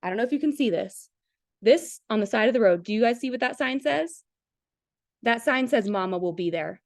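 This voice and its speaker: Woman host, slightly high voice, motivational storyteller on a video call, heartfelt and chatty. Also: lively intonation, brisk. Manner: emotional, earnest, heavy use of "like", addresses the audience directly. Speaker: team leader hosting a coaching call.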